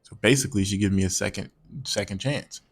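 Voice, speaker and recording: A man's voice: on the low side, fast talker, breathy edge. Slangy man rambling through a story. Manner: slangy and profane, rambling with repeated words. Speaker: vlogger telling a personal story. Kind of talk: casual storytime monologue.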